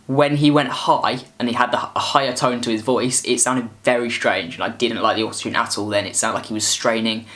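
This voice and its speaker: A man's voice: medium pitch, fairly even intonation, fairly quick, hardly any pauses, a bit bright. A man giving a casual album review, rambling with frequent restarts. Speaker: music reviewer.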